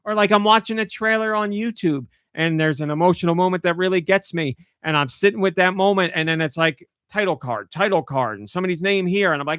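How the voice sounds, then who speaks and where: Animated podcast host, dry close sound. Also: male voice, sits high, brisk, hardly any pauses, smooth, no echo. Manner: animated storytelling, acts out his own outbursts. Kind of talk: casual podcast chat.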